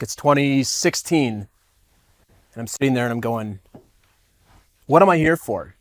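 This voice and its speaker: A man's voice: medium pitch, dry recording. A man who works as a coach gives a keynote speech to a live audience. He tells a personal story in a conversational way, with self-deprecating humor, and acts out his own past thoughts. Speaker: coach giving a keynote talk. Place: event stage before a live audience.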